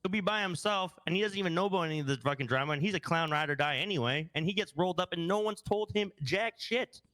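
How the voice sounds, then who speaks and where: A man's voice: sits high, quick pace, sharp tone. A man playing a gang member in a role-play meeting, talking emphatically, swearing and repeating himself. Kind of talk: heated in-character meeting talk.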